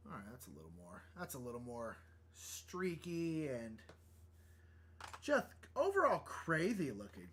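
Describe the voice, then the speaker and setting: A man's voice: medium pitch, wildly swooping pitch, measured pace, fairly bright tone, a little hiss or hum. A young man chatting casually on a live stream while drawing, thinking aloud and laughing often. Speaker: livestream artist.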